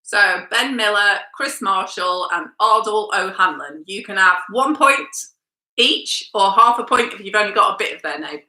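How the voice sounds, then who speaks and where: A woman hosting a family quiz, reading out questions, answers and scores at a brisk pace. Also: medium pitch, lively intonation, sharp tone. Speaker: quiz host. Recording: echoey room.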